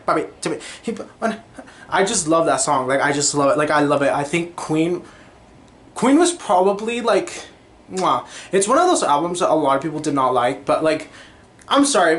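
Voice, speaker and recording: Young guy rambling on his podcast, kinda high voice, gushy and excitable. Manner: chatty, gushing, lots of "like" and sung snippets. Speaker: podcast host. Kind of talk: casual solo chat.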